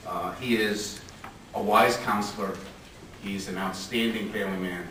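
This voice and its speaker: Guy with lowish voice, lots of uhs, intro speech, far off in a super echoey hall. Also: fairly even intonation, unhurried, bright, forceful tone, a little hiss or hum. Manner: hesitant, with many fillers. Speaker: speaker introducing the guest. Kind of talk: formal introduction. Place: lecture hall.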